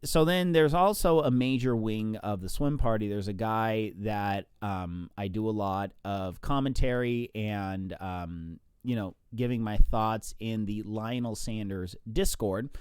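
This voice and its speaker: A man coaching swimming in a chatty, animated way, counting out strokes as he explains breathing technique. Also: on the low side, measured pace, hardly any pauses, smooth, no echo, clean studio sound. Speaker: swim coach. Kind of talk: casual instructional talk.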